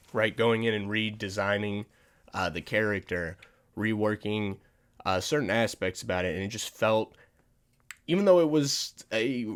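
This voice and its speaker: Guy rambling thru movie news on his podcast, keeps restarting, laughs at himself. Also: on the low side. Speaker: podcast host. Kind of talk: casual movie news chat.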